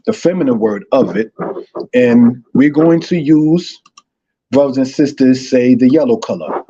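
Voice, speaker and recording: A man teaching Hebrew in an online lesson, with a dark, husky voice. He repeats himself often and addresses his listeners as brothers and sisters. The sound is dull and lo-fi, like a live stream. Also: medium pitch, measured pace.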